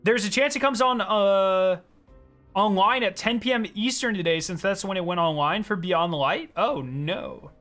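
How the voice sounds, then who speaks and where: A young man streaming live, chatting casually and excitedly with his chat, reading their questions aloud and answering them. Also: high voice, normal speed, soft background music.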